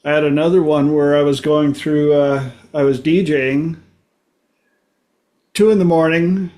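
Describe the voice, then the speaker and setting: A man's voice: fairly high pitch, steady tone, a little slow, warm tone. A man from Minnesota hosting a podcast, telling casual stories and chuckling often. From Minnesota, USA. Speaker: podcast host. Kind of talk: casual storytelling.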